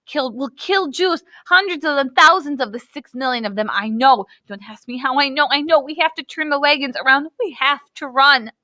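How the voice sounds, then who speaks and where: A woman's voice: a little high, animated, brisk, creaky, bright, forceful tone, no room sound, voice pushed up, exaggerated voice. Storybook girl, desperate and pleading; a woman reader doing it dry and close. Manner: pleading, urgent. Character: frightened, desperate young girl.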